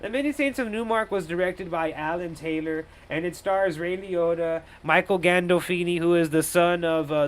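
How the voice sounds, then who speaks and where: A young man reviews movies live on stream in a loose, rambling way, swearing freely and laughing at his own jokes. His voice is smooth and clear, sitting a little high for a man.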